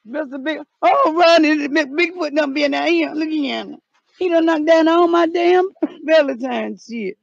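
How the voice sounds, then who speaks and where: A woman, hamming up a comic vlog outdoors, playing scared and shouting out calls. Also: sits high, unhurried, creaky, dry recording, dull audio. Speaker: vlogger. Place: outdoors in the cold.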